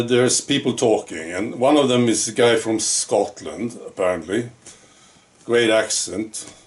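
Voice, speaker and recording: A man with a lowish voice talks slowly through a casual video commentary. He muses and wanders, leaning on pauses and fillers as he goes. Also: distant mic. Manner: slow, musing, with pauses and fillers.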